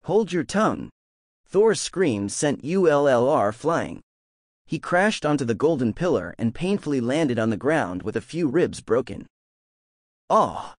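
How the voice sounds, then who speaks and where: A man narrating a fan-made audiobook of a fantasy web novel with expressive storytelling. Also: mid-range voice, moderate pace, dry recording, studio quality.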